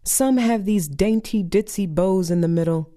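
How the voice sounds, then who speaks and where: A woman's voice: medium pitch, normal speed, mellow. A woman poet performing a spoken-word poem with a dry, sardonic, rhythmic delivery.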